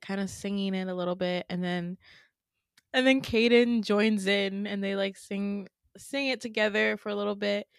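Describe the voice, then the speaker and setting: A woman's voice: mid-range voice, gravelly, dry recording, studio quality. A woman hosting a podcast, retelling a dream in a chatty, casual way with lots of fillers. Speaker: podcast host.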